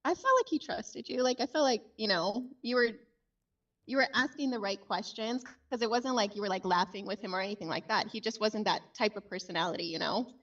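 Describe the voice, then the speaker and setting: A woman's voice: mid-range voice, a little fast, fairly bright tone. A woman judging a sales call, giving casual chatty feedback over a video call. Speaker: judge scoring a sales call. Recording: distant, dull lo-fi mic.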